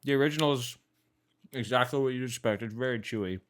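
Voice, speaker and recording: A man's voice: medium pitch, quick pace. Easygoing young man co-hosting a snack podcast. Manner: easygoing, chats while chewing. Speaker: podcast co-host. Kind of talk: casual snack-tasting chat.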